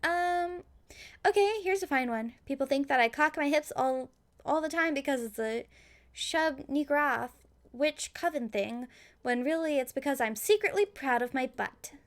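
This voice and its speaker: A woman's voice: high voice, animated, unhurried. Woman reading a snarky young witch. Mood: sarcastic.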